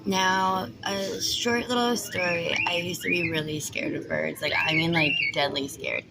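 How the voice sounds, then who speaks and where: A young woman vlogging while she talks to pet birds, switching between high, drawn-out baby talk to them and rambling stories full of fillers. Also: fairly even intonation, vocal fry, very noisy. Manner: rambling storytelling with many fillers. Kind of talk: casual vlog, chatting to pet birds. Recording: loud bird chatter in background. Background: birds squawking.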